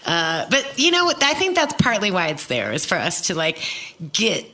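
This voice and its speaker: A woman hosting a podcast in a casual chat. She is a touring musician, chatty and animated, and laughs often. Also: mid-range voice, normal speed.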